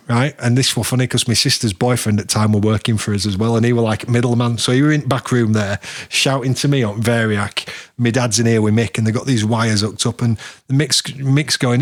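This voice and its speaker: Bloke hosting a podcast, rambles through stories, laughs a lot, dead dry sound. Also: male voice, medium pitch, fairly even intonation, brisk, dry recording. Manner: rambling storyteller, laughs often, mimics people he quotes. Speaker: podcast host. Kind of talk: casual chat.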